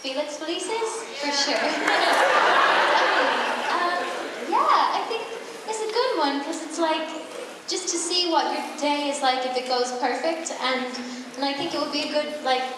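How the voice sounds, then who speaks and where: High-voiced young woman in echoey hall. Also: normal speed, a loud crowd. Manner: musing, rambling with fillers. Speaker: convention panel guest. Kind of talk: casual panel Q&A answers. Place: large convention hall. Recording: echoey hall from far off, noisy.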